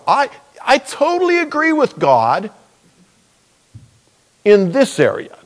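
A man's voice: very high voice, huge pitch swings, takes it slowly, long pauses. Rambling conversational male preacher. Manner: conversational, rambling with restarts and asides. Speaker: pastor. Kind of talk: sermon.

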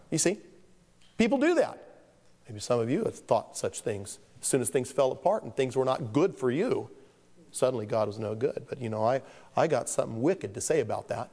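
A man's voice: medium pitch, lively intonation, fairly quick, a little mellow. A man preaching a sermon as pastor, telling stories with self-deprecating humor and acting out the voices of the people in them. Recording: long hall reverb.

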